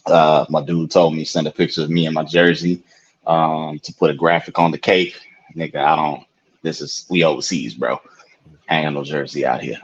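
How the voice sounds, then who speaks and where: A man with a very low, husky voice talks in a loose, rambling way, full of fillers and asides. He is a podcast co-host in his thirties. The audio is dull and lo-fi, like a remote call. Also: steady tone, moderate pace. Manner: laid-back, rambling with lots of fillers and "you know what I'm saying". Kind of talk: casual podcast chat. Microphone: video call.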